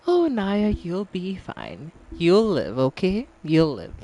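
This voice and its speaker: A woman streamer chatting with her audience in an unhurried, drawn-out way, her pitch swooping up and down a lot. She teases playfully and breaks into laughter often. She is frank and swears freely. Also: wildly swooping pitch, warm tone. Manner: teasing, laughs often between lines. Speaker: game streamer. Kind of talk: casual chat with a live stream audience.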